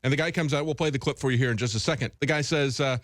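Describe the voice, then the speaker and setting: A man co-hosting talk radio, asking questions in a quick, indignant manner. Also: mid-range voice, fairly bright tone, dry recording. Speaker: co-host reporter.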